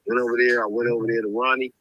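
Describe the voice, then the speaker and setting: A man hosting a show, telling a story in a casual, animated way and acting out the voices of the people in it. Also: mid-range voice, very fast, no room sound, lo-fi sound.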